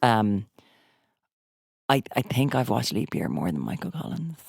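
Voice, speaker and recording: Woman, Cork Irish accent, low voice, very lively intonation, dry close sound, podcast chat. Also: measured pace, vocal fry, husky, no echo. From Ireland. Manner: animated, chatty, sarcastic asides. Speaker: podcast host. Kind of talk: casual chat.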